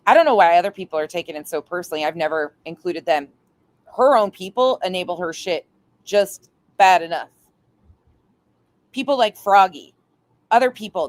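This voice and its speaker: A woman doing live stream commentary, blunt and exasperated, swearing freely. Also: fairly low pitch.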